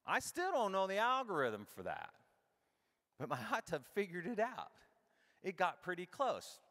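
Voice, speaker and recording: A middle-aged man giving a comedic keynote talk, animated and irreverent, acting out his own thoughts as he tells the story. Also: high-pitched, a little slow. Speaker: keynote speaker. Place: large conference hall. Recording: long hall reverb.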